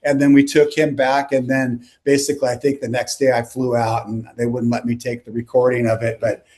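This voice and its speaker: A man's voice: medium pitch, level tone, fairly quick, darkish tone. An older man, a rock singer, telling rambling stories on a video call with lots of "you know" and "like". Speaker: rock singer, interview guest. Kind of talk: casual storytelling.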